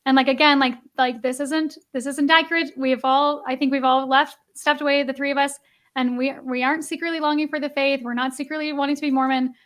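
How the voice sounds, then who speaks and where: A woman's voice: sits high, level tone, fast, fairly bright tone. A woman co-host telling a story in casual podcast chat, rambling with many restarts. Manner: rambling, lots of likes and restarts.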